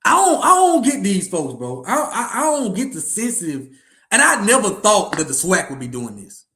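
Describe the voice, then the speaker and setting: A man's voice: sits high, wildly swooping pitch, normal speed, pushed and bright. A man hosting a casual sports podcast, ranting in slangy talk and repeating himself. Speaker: podcast host.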